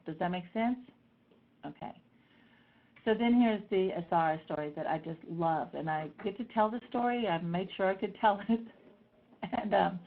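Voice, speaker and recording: A middle-aged woman telling personal stories in a lively way, acting out the voices of the people she quotes. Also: lowish voice. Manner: animated, acts out voices in quotes. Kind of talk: personal storytelling talk. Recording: tinny phone-like sound.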